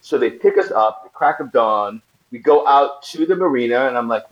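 A man in his forties from Brooklyn, New York, an actor, is a guest in a casual interview. In a mid-range voice at normal speed with few pauses, he tells animated stories, acting out the voices of the people in them and laughing often, though the audio sounds dull.

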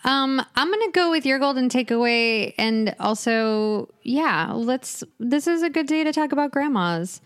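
A woman's voice: sits high, animated, a little slow, hardly any pauses, smooth. A young woman co-hosting a podcast in casual, bubbly chat. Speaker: podcast co-host.

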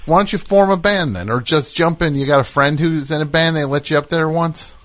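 A man's voice: a little high, brisk, no room sound. A man hosting a call-in radio show, chatting loosely with callers in a rambling way full of fillers. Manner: relaxed, rambling, many fillers. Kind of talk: casual call-in chat.

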